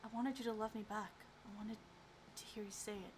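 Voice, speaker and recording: A woman reading the lines of a tearful young man confessing his love, softly and hushed. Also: mid-range voice, fairly even intonation, a little fast, background noise, natural voice. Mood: tender. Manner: soft, hushed, trembling. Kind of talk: reading visual novel dialogue aloud.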